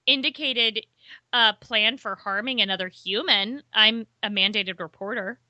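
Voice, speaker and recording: A woman's voice: medium pitch, unhurried, pushed and bright, no echo. A woman co-hosting a podcast in casual chat, talkative, laughing often and explaining with statistics. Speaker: podcast co-host.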